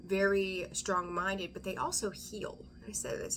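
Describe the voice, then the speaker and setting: A woman's voice: mid-range voice, steady tone, unhurried, hardly any pauses, fairly bright tone, a little hiss or hum. A woman giving a casual, rambling tarot reading, often dropping into a whisper as she talks. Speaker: tarot reader.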